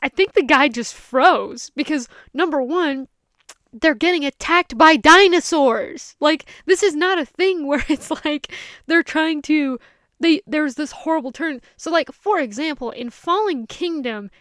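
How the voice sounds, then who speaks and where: A woman giving a casual, animated film review, ranting and acting out characters' lines as she goes. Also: high voice, a little slow, no echo, studio quality. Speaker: movie reviewer.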